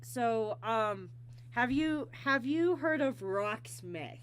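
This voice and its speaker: A woman hosting a casual livestream interview, talking haltingly with lots of fillers and bursts of giggling. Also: on the high side, expressive. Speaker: stream host.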